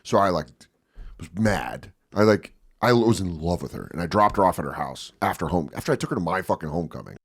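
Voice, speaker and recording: A man in his forties telling a story casually as a podcast guest, profane and animated, acting out voices loudly. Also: low-pitched, fast talker, slightly rough.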